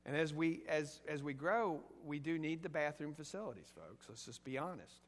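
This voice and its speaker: The pastor here, a man with a voice on the high side, preaches animatedly at a normal speed. His conversational sermon asks questions of the congregation and swells to emphatic peaks, echoing through the church sanctuary.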